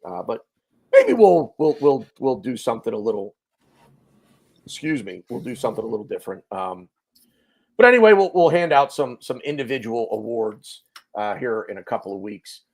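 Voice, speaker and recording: Chatty male host of a fan show, animated pitch, jokey, many fillers. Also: a little fast. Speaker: podcast host. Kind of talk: casual fan show chat. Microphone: video call.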